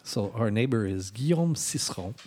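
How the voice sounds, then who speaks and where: A man's voice: on the low side, expressive, normal speed, dark tone, husky. A man hosting a podcast, talking in an easygoing way with many filler words. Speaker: podcast host. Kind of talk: casual chat.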